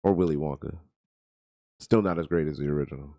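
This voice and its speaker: A man co-hosting a podcast in casual, slangy chat, quick to laugh. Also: a bass voice, dark tone, no room sound, studio quality. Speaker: podcast co-host.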